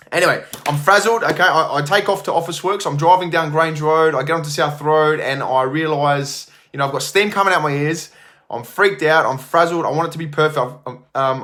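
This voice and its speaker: Rambling gym owner. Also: male voice, on the high side, sharp tone. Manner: rambling, many fillers and restarts. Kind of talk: casual storytelling to camera.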